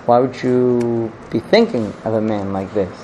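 A man's voice: medium pitch, steady tone, a little slow, dark tone, slight background noise, voice pushed down, lightly acted, low-quality recording. A man voicing a stern, disapproving king father. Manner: disapproving, lecturing.

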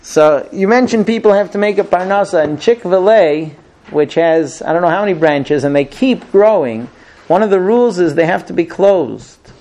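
A man's voice: high-pitched, expressive, normal speed, a little mellow. A middle-aged man giving a Torah class, telling stories emphatically with frequent restarts. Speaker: Torah teacher.

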